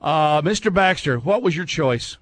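Playful high-voiced man hosting a quiz. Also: animated, no echo. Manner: playful, teasing, quick to laugh. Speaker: quiz host. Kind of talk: casual radio banter.

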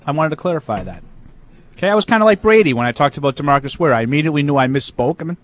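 A man's voice: a little high, animated, rapid-fire. A man co-hosting a casual sports talk show, opinionated and argumentative, with lots of fillers. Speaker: sports radio co-host.

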